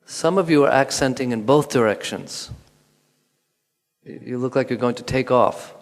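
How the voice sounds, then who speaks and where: A man calmly guiding a movement lesson, giving instructions with pauses and counted beats. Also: mid-range voice. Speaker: movement teacher. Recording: long hall reverb.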